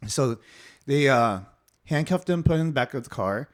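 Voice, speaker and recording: Young man, podcast host, lively swooping pitch, casual storytelling, filler-heavy. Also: moderate pace. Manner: animated storytelling, many fillers, swears.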